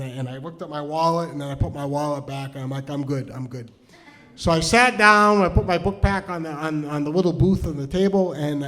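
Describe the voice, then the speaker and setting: Middle-aged male storyteller, high voice, chatty and self-mocking, stops and restarts. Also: a bit bright. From New Hampshire. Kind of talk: stand-up storytelling.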